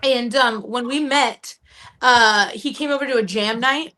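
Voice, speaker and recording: A woman's voice: on the high side, unhurried, pushed and bright. A woman in her twenties, a guest on a live podcast, telling stories in casual chat, profane and bubbly, often mimicking other people's voices. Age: 20s. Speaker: guest actress and co-writer.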